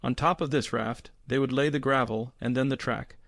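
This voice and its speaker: A man reads an audiobook aloud in a measured, grave storytelling manner. His voice has an ordinary middle pitch for a man. The recording is dry and close-miked, with no room sound. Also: steady tone, gravelly, fairly bright tone, dry recording. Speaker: audiobook narrator. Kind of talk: scripted narration.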